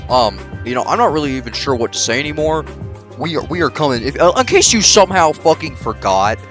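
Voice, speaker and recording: A man narrates his playthrough of a game in a bright, tense voice that leaps up and down in pitch. He is excitable and sarcastic, swearing freely as he reacts. Faint music plays under him. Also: fairly quick. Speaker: let's play host. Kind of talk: casual gameplay commentary.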